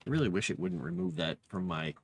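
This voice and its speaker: A man's voice: sits low, animated, quick pace, a little hiss or hum. A man casually chatting while building a fantasy map, muttering to himself and cooing at his cat. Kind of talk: casual livestream chat while working.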